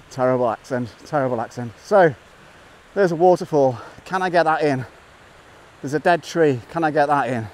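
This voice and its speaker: A middle-aged man, a nature photographer, narrating an outdoor vlog by a waterfall in a valley, excitable and bursting into wows as he explains his photo compositions. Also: on the high side, moderate pace, pauses often, a little hiss or hum.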